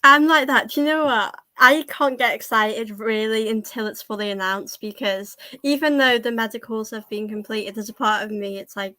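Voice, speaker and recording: Eager higher-pitched woman guest. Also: normal speed, hardly any pauses, bright, forceful tone, no room sound. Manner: eager, restless, says she is impatient. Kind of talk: casual football fan chat.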